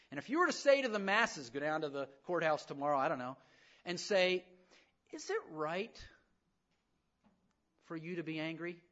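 A man preaching a sermon in an animated way, acting out the voices of the people he talks about. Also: a little high, highs cut off. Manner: animated preaching, acts out voices, rising to loud emphasis. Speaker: pastor.

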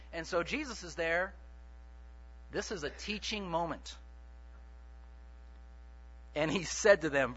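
A man preaching a sermon in an animated, joking way, often putting questions to the congregation. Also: high voice, lo-fi sound.

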